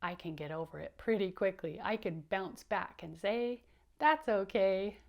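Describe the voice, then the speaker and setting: A woman voicing a cheerful little boy bug who shrugs off upsets, in a calm, upbeat and forgiving way. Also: mid-range voice, measured pace, gravelly, lo-fi sound. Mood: easygoing.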